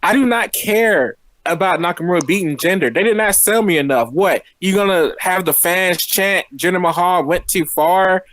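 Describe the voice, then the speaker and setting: A man's voice: sits high, fairly bright tone, no echo. A man co-hosting a casual wrestling podcast, rambling through his points and speeding up when he gets going. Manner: rambling, fast when worked up. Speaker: podcast co-host.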